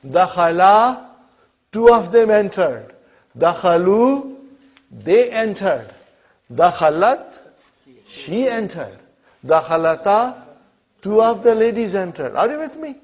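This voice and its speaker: A man teaching an Arabic class speaks slowly and deliberately, repeating verb forms and prompting students with quick check-ins. His voice sits slightly high for a man. The recording is dull and lo-fi. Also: sing-song. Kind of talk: classroom Arabic grammar lesson.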